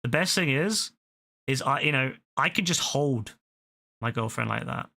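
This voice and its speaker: Young man, crisp bright tone, casual streamer chatter, stammering restarts, heavy swearing. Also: medium pitch, animated, measured pace. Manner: rambling, swears freely, frequent stammered restarts. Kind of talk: casual reaction commentary.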